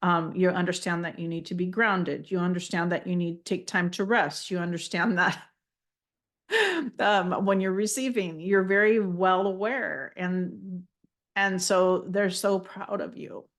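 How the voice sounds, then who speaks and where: Low-voiced woman relaying gentle channeled messages. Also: unhurried. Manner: gentle and affirming, repeats phrases as she relays messages. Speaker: psychic channeler giving a reading. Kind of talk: live channeled spiritual reading.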